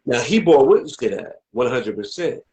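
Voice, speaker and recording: A man's voice: medium pitch, sing-song, normal speed, mellow, low-quality recording. A man interviewing an elder in a casual discussion, rambling with many asides before pressing emphatic questions. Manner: rambling, many "you know what I mean" asides, rising to emphatic questions.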